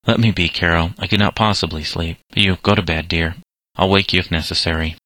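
A man's voice: low-pitched, steady tone, brisk, pushed and bright, no echo. A man reading the lines of an anxious middle-aged mother, in a plain read-aloud voice.

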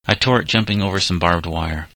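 A man's voice: low-pitched, a little fast, sharp tone, dry recording. A man reading as a defiant runaway boy of seventeen. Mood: sullen. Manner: bitter, resentful protests.

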